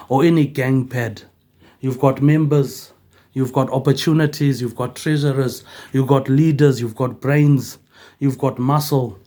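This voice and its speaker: Kiwi guy in his 40s rambling on, says mate eh after everything, middle pitch voice. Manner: tags nearly every phrase with "mate, eh", trailing off softer. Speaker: vlogger. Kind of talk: rambling monologue.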